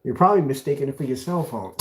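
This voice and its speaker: A taunting man delivers a callout rant. His pitch swings up and down as he mocks, and he throws the other person's phrases back with scornful sarcasm. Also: fairly bright tone. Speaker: video blogger. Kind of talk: ranting callout video.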